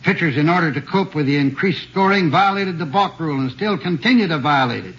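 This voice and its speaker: A man's voice: on the high side, lively intonation, a little fast, fairly bright tone. A man giving matter-of-fact spoken commentary with a few fillers. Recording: dull lo-fi old radio recording.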